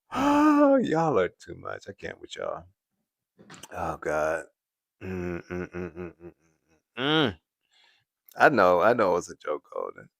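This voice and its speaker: Gravelly man hosting a livestream. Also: deep voice, wildly swooping pitch, takes it slowly, pauses often, a bit bright, no echo, clean studio sound. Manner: laughs often, answering chat. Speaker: livestream host. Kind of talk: casual live chat with viewers.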